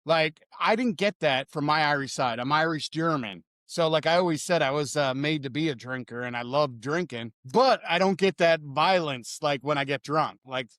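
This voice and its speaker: Male co-host, rambling chat, slightly high, clear voice. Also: moderate pace, hardly any pauses, fairly bright tone, no echo, clean studio sound. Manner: rambling, full of "like" fillers. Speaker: podcast co-host. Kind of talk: casual chat.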